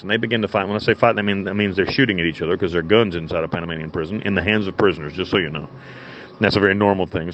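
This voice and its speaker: A man from the United States, a prison inmate, telling stories bluntly and profanely from his cell over a cell phone, with many restarts. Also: lowish voice. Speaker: interview guest, prison inmate. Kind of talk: rambling conversational storytelling. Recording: muffled lo-fi phone line with faint noise.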